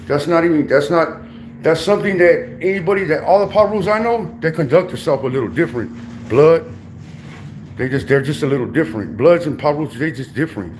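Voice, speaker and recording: A brash young man rambles through his livestream, swearing freely and firing street slang at viewers in the chat. His voice sits notably high for a man. Faint background hiss runs under his talk. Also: expressive, a little fast, a little mellow, poor audio. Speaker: livestream host. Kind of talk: casual livestream banter.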